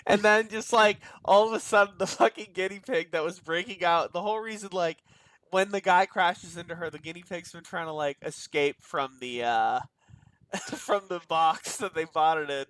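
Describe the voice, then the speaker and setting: Young dude on a movie review podcast, higher voice, slangy, lots of um and like. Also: male voice, moderate pace, a bit bright, dry recording. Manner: loose and slangy, lots of fillers and trailing thoughts. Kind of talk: casual chat.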